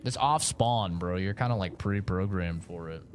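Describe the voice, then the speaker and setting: A man's voice: deep voice, normal speed, slight background noise. Crude, rambling streamer guy. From United States. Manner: rambling, crude, swears freely. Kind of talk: casual chat with viewers.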